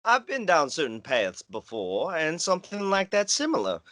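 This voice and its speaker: A man's voice: a little high, moderate pace, dry recording. A man doing a rambling Southern job candidate. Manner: rambling, odd formal wording, animated. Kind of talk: improvised comedy sketch. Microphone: video call.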